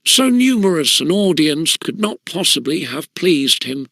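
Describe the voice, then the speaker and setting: A man reading a classic schoolboy story aloud as an audiobook, in an even, measured storytelling way with crisp diction. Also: on the high side, no room sound. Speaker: audiobook narrator.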